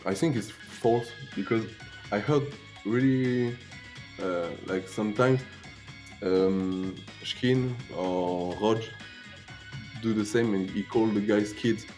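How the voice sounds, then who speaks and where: A man with a French accent and French as his first language, speaking halting English with restarts as a quiz contestant. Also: lowish voice, darkish tone, faint music behind. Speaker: rugby player, quiz contestant. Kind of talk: casual chat.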